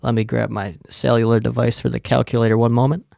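Gravelly, profane man ranting. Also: mid-range voice, flat delivery, fast, darkish tone, no echo, clean studio sound. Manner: profane, rambling, sarcastic. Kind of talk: casual solo rant.

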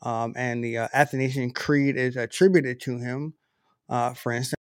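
A man's voice: medium pitch, steady tone, normal speed, smooth, no room sound, clean studio sound. A man giving an informal Bible teaching, talking conversationally with frequent restarts and self-corrections.

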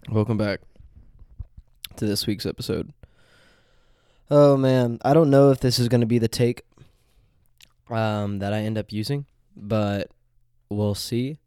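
A man's voice: lowish voice, fairly even intonation, measured pace, pauses often, warm tone, smooth, no room sound, clean studio sound. A man in his twenties hosting a casual solo podcast, sounding congested and nasal from allergies, rambling with lots of ums and restarts. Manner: rambling, hesitant, with many fillers and restarts. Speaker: podcast host.

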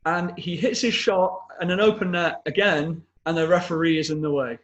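Bloke, higher-voiced, who hosts a footy podcast and leads the banter. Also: male voice, fairly even intonation, moderate pace, lo-fi sound. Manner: chatty storyteller, leads the segments. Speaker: podcast co-host. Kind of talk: casual football banter podcast.

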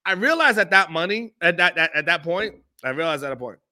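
Podcast host, male, high and very bright voice, slangy storyteller who chuckles a lot. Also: expressive, fairly quick. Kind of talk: casual storytelling chat. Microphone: own microphone on a live stream.

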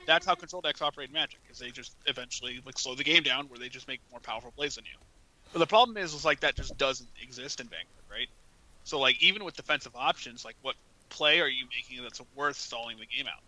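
A man's voice: mid-range voice, bright, forceful tone, rough recording. A man co-hosting a casual podcast, talking in a rambling way full of filler words. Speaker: podcast co-host.

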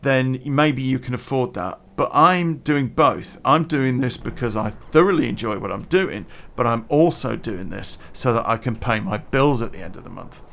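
A chatty British man holds forth in a casual podcast rant, his pitch sitting in an ordinary middle range. He is blunt and sprinkles in mild swearing and lots of "you know". He chews gum as he speaks. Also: lively intonation, moderate pace, vocal fry, few pauses, fairly bright tone. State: chewing gum. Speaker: podcast host. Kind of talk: casual ranting podcast monologue.

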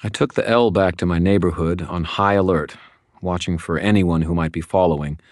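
A man with a very deep voice reads first-person narration for an audiobook, wry and measured. The recording is dry and close, with no room behind him. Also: fairly even intonation, no room sound.

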